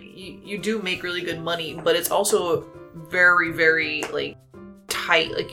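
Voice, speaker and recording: A woman's voice: fairly low pitch, pushed and bright. A woman co-hosting a casual podcast, recapping a stage musical's plot with lots of laughs and fillers. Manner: giggly, upbeat, lots of "like". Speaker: podcast co-host.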